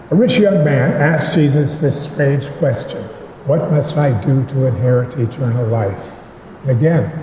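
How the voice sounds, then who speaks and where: A man preaching a sermon as pastor, in a slow and measured way with deliberate pauses. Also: mid-range voice, dark tone, slight background noise. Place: church sanctuary. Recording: echoey church hall with long reverb.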